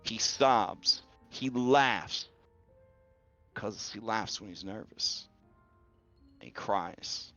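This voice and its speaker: Slow-paced man narrating a game. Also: fairly low pitch, bright, forceful tone, faint music behind. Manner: slow, graphic storytelling with many fillers. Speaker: game master. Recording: dull lo-fi audio.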